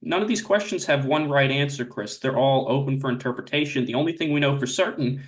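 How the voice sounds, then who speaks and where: A young man asking absurd questions as interviewer in a mock interview, earnest and measured. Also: mid-range voice.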